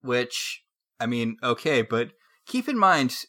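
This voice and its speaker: Podcast co-host, mid-pitched voice, dry wry humor in casual chat. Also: very animated, takes it slowly, a bit bright.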